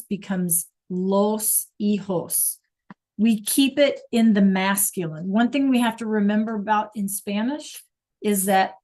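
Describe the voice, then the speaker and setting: A woman's voice: medium pitch, darkish tone. A woman teaching a Spanish class online over a video call, patient and checking in with students often.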